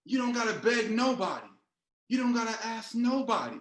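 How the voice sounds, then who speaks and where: A man and team leader giving an energetic, repetitive motivational talk on a team call. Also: very high-pitched, normal speed, roomy sound. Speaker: team leader and trading mentor.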